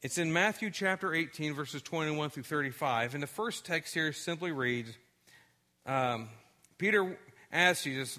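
Male pastor, bright tone, animated sermon storyteller. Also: on the high side, measured pace. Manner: animated storytelling, drops to quiet tones for sad moments.

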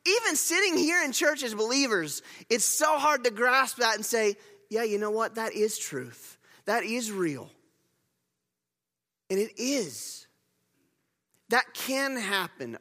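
Bright-voiced preacher in a reverberant hall. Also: male voice, sits high. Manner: conversational, emphatic with self-corrections. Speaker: pastor. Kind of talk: sermon. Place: church.

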